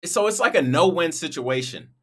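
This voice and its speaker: A man's voice: on the high side, expressive, moderate pace, breathy edge. A man hosting a reaction video, talking casually and chatting directly to his viewers.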